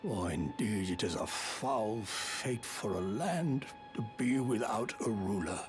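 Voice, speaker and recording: A grandiose noble lord from a video game, speaking in a formal, old-fashioned manner. His pitch swoops widely through every line, with game music playing faintly behind him. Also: lively intonation, slow. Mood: grave. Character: pompous courtly male noble lord. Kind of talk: video game character dialogue.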